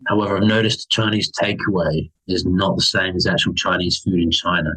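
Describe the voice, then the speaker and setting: Low, husky young man rambling. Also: steady tone, fairly quick, bright, forceful tone, low-quality recording. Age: young adult. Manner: rambling, restarts, laughs often. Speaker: podcast guest, adventurer. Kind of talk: casual chat.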